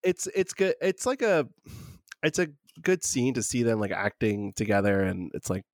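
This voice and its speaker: A man casually discussing an old film with a co-host, relaxed and full of filler words. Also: mid-range voice, normal speed, no echo, studio quality.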